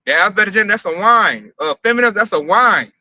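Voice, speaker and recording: A man's voice: high-pitched, expressive, fast, bright, forceful tone, dry recording, low-quality recording. A man preaching in a casual, emphatic and profane way, mocking his targets as he talks.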